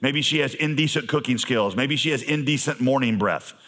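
A man's voice: medium pitch, a little fast, bright, forceful tone. Man preaching a conversational sermon. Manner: conversational and humorous, with emphatic asides. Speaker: pastor.

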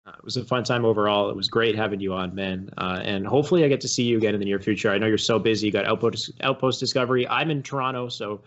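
A man hosting a casual stream interview in a relaxed, friendly way. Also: fairly low pitch, fast, few pauses, muffled recording. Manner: relaxed, friendly, laughing easily. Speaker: host.

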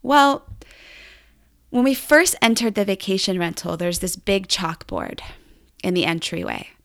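A woman hosting a podcast, telling a family story with animated enthusiasm. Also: medium pitch, unhurried. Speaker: podcast host.

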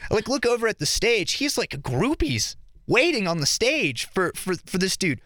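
In a college radio studio, a young man appearing as a podcast guest tells a crude first-date story, swearing freely and animated throughout. His voice is high-pitched at normal speed, with no echo.

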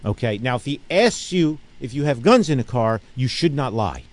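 A man's voice: mid-range voice, animated, normal speed. A middle-aged man hosting a casual radio talk show, talking emphatically and rambling through stories with many restarts and frequent "okay?" check-ins. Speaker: radio show host and gun range owner.

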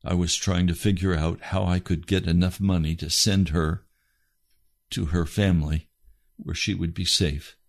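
Gravelly low-voiced man preaching his testimony, slow and earnest. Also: fairly even intonation. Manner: impassioned, rising to cries when quoting his prayers. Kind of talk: sermon testimony.

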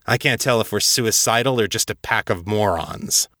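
A man's voice: on the low side, moderate pace, pushed and bright, dry recording. A man voicing a blunt, commanding older Air Force colonel who swears freely and talks dryly. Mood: angry. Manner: profane, commanding, dry.

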